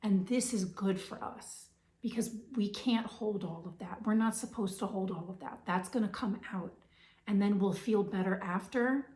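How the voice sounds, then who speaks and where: A woman with a hoarse voice giving a spiritual reading, hesitant and full of fillers, sometimes dropping to a whisper. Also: mid-range voice, moderate pace, darkish tone, roomy sound. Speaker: intuitive reader.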